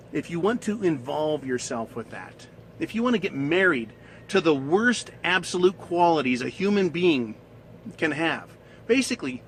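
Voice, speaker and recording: A man's voice: on the high side, a bit bright, slight background noise, poor audio. A man ranting in a coarse, scornful monologue, swearing and laughing at his own points. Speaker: commentator.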